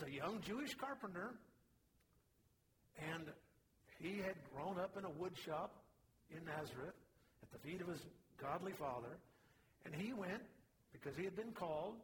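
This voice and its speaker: A man's voice: fairly high pitch, big-room sound, noisy background. A man preaching a sermon in a folksy, conversational way, with small personal asides. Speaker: pastor.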